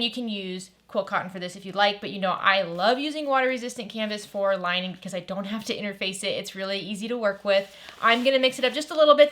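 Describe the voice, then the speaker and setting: A woman's voice: mid-range voice, a bit bright. A woman hosting a casual sewing tutorial, chatty and enthusiastic as she walks through a bag pattern. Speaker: sewing pattern designer and channel host.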